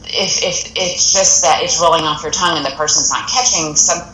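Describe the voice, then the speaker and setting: A woman's voice: low-pitched, brisk, roomy sound, music in the background, poor audio. A woman appearing as a guest on a TV talk segment, explaining practical tips earnestly and often restarting her sentences. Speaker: audiologist guest. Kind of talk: TV interview advice.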